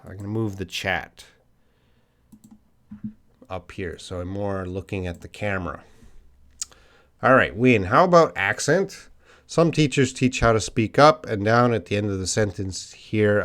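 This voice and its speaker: A man's voice: on the low side, normal speed, long pauses, fairly bright tone. A middle-aged man with a Canadian accent, an English teacher answering viewers' chat questions on a live stream, patient and thinking aloud with ums and hmms.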